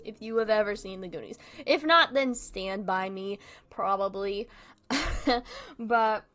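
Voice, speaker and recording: A woman's voice: on the high side, sharp tone. A woman streamer in casual livestream chat, rambling along and laughing often.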